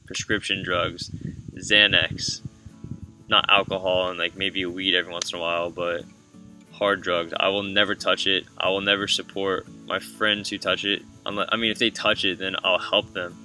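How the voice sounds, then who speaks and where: A man's voice: low voice, flat delivery, normal speed. A young man in his twenties from Florida, casually telling a painful personal story with lots of fillers. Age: 20s. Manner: casual, filler-heavy, emotional. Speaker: vlogger. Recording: from a distance with soft guitar music.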